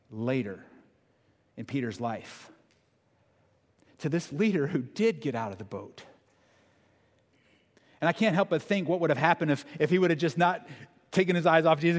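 Earnest pastor preaching in a reverberant hall. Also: male voice, on the high side. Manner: earnest, conversational preaching with rhetorical questions. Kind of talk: sermon. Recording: long church hall reverb.

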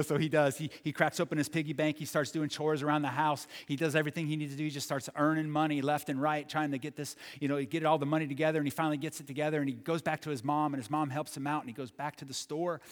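Male storyteller, halting, fairly high voice, echoey hall, unscripted. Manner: halting, repeats words, swings from excited to hushed. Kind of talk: told story.

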